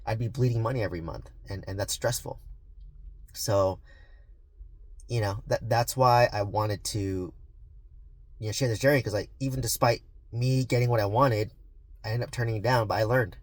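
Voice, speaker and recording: A man's voice: fairly low pitch, normal speed, pauses often, dry recording. A man vlogging about real estate investing, talking earnestly and rambling with many fillers and restarts. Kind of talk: casual vlog talk to camera.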